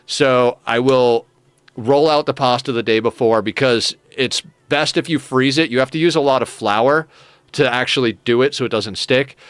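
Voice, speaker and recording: A man's voice: mid-range voice, fairly bright tone, smooth, no room sound. A young adult man streaming a game, chatting casually and rambling with lots of swearing and enthusiasm. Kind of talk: casual chat while playing a game.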